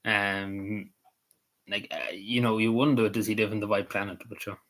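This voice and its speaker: An Irish man rambles through casual vlog commentary, his voice bright and forceful in tone and sitting a little low in pitch. He wanders between thoughts, drops in swear words without a second thought and fills the gaps with ums and you-knows. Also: level tone, moderate pace. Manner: meandering, swears casually, lots of fillers. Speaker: vlogger.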